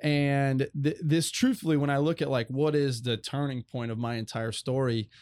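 Young guy, middle-pitched, dry close voice, earnest rambling faith story. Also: fairly even intonation, normal speed, darkish tone, dry recording. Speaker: guest.

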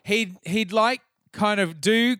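A middle-aged Australian man hosting a podcast, telling stories in a casual, profane, animated way. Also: sits high, slow pace, smooth, no echo, clean studio sound. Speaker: podcast host. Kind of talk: casual chat.

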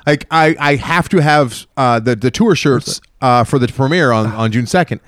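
A man's voice: medium pitch, moderate pace, no room sound, studio quality. A man telling a story in casual podcast chat, restarting sentences often and acting out the people in it. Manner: rambling, animated retelling with many restarts. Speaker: podcast host.

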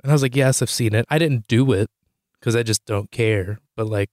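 A young man hosting a podcast, telling a comic story in a rambling, animated way, swearing freely and jumping high in pitch when he quotes himself. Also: fairly quick, dry recording, clean studio sound. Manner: rambling with many "like" fillers and restarts. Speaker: podcast host. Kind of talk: comedic storytelling monologue.

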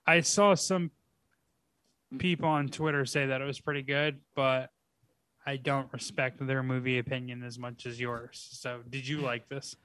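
A man's voice: mid-range voice, steady tone, unhurried, a bit bright, dry recording. A man chatting casually with a co-host, blunt and profane, filling his sentences with "like" as he thinks aloud. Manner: blunt, profane, hedging with fillers. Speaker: podcast co-host. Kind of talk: casual chat.

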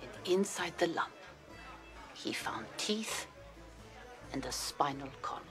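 An actress playing a frank, open Greek aunt. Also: female voice, low voice, brisk, natural voice. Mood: confiding. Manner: open and forward, confiding. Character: brash, frank middle-aged Greek aunt. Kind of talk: film dialogue. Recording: film clip with music underneath.

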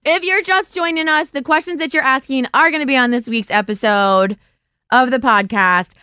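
A middle-aged woman hosting a podcast, telling stories in casual chat on a live stream, animated and laughing often as she acts out quotes. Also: sits high, normal speed, clear, resonant tone, no room sound, studio quality. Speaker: podcast host.

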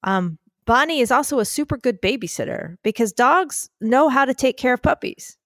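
A woman co-hosting a podcast in casual chat, animated and slightly breathy, recording from a makeshift spot in a puppy pen. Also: sits high, moderate pace, dry recording, studio quality. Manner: animated, keeps addressing her co-host by name, acts out quotes. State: a little breathy. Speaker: podcast co-host.

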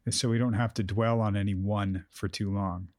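A man counsels with direct, probing questions and emphatic restatements. His voice is dry and close, with no room sound. He pushes gently but firmly. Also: lowish voice, fairly even intonation, moderate pace, dry recording. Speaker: host, counselor. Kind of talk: therapeutic conversation.

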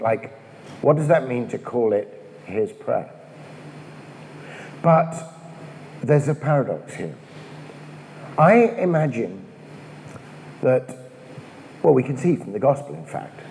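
A man gives a relaxed, chatty talk on prayer, his voice mellow and warm. His pitch rises and falls freely as he wanders into asides and rhetorical questions. The sound carries a long reverb, as if from a large hall. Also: a little hiss or hum. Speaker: priest giving a talk.

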